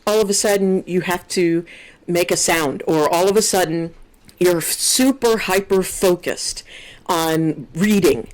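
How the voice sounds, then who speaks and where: A woman's voice: lowish voice, a little slow, a little mellow. A woman guest on a podcast, speaking candidly and reflectively, often voicing her own inner thoughts. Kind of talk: casual podcast conversation.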